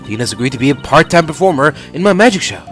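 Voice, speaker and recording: A man's voice: fairly high pitch, expressive, rapid-fire, fairly bright tone, faint music behind. A man doing a cheeky teen magician girl. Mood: teasing. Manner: teasing, playful. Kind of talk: fan voice-over of a video game.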